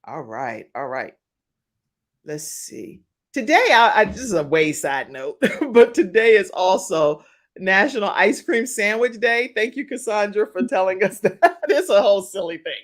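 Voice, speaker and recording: A talkative woman in her forties hosts a live-streamed talk show. Her voice rises and falls in lively swoops, and she keeps laughing as she reads viewer comments aloud in easy chat. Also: medium pitch, unhurried.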